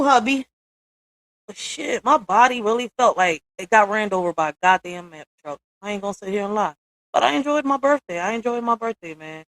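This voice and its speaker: A woman's voice: on the high side, no echo. A woman hosting a live stream at home in a casual, blunt rant. She talks straight to her viewers with profanity and slangy asides. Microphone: streaming software setup.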